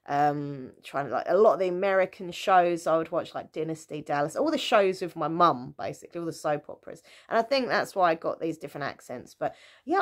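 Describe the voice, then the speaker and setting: A woman in her thirties tells stories from her childhood in a relaxed, chatty way. Her voice sits a little low, and she often laughs at herself, stops to correct herself, and pads her lines with ums. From England. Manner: chatty, giggly, self-mocking, many fillers. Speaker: vlogger. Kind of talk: casual storytime chat.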